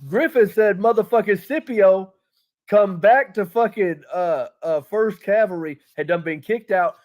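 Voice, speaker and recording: Rambling, foul-mouthed man with a high voice. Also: a little slow, darkish tone. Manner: rambling, profane, full of fillers. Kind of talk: casual storytelling chat.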